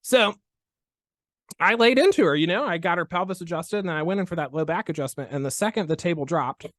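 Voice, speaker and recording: A man hosting a podcast as a chiropractor, telling a story in a playful, animated way and laughing often. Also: high voice, quick pace, dry recording, studio quality. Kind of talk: casual podcast chat and storytelling.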